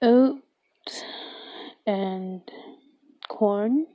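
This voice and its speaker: A young woman from Minnesota commenting on her gameplay in a soft-spoken manner, often dropping to a whisper and reading game text aloud. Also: medium pitch, drawn-out words, no echo, dull audio. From Minnesota, USA. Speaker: gamer.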